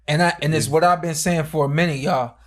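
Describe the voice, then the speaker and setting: A man with a fairly high voice chats casually on a podcast, in a relaxed way. He tells stories from his own fighting days and laughs often as he talks. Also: brisk. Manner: laid-back storyteller, laughs often. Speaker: podcast co-host, former boxer. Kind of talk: casual chat.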